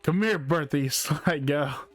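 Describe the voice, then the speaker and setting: A man's voice: fairly high pitch, a little slow. A man putting on a gushing Australian TV presenter. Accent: put-on Australian. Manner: gushing, exaggerated.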